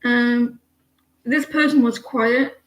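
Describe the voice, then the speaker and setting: A woman's voice: on the high side, fairly even intonation, takes it slowly, reverberant, slight background noise, rough recording. An Irish woman in her forties giving a chatty, rambling live tarot reading, with many restarts. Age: 40s. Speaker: tarot reader.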